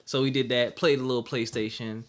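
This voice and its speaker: A young man co-hosting a podcast, chatting in a relaxed, rambling way with frequent fillers. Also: medium pitch, a little fast. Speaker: podcast co-host. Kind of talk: casual chat.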